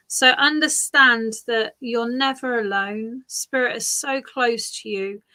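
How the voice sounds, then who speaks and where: Woman, psychic reading, fairly high bright voice, gentle and reassuring. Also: steady tone, a little slow, few pauses. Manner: gentle, reassuring, repeats phrases softly. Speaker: psychic reader.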